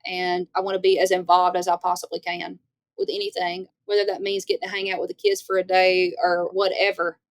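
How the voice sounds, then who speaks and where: A young woman from Northeast Louisiana with a Southern accent, chatting as an interview guest and telling stories in a lively way. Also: fairly low pitch, fairly quick, dry recording. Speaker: guest, country singer. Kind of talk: casual interview chat.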